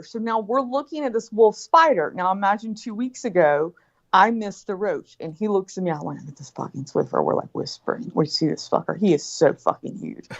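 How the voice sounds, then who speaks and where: Profane, animated middle-aged woman storyteller. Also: mid-range voice. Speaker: guest. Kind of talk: casual storytelling chat. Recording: dull lo-fi sound.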